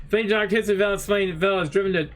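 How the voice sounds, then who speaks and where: A man's voice: high-pitched, steady tone, fairly quick, noisy background. A man streaming a video game, chatty, making jokey asides and reading the on-screen text aloud. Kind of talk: gameplay livestream commentary, reading dialogue aloud. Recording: game music playing underneath.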